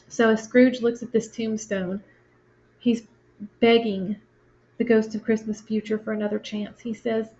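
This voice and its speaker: A woman's voice: a little high, normal speed, a little mellow. A woman teacher reading a play's stage directions aloud and explaining the scenes to her class in a plain, conversational way. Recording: lo-fi, dull sound.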